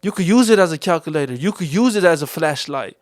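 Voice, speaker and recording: Slangy Chicano-accented young man, high voice. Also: animated, fast talker, no room sound, clean studio sound. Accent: Chicano English. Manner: slangy, says "fool" constantly, rambling. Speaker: podcast host. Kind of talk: casual solo podcast talk. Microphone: studio mic.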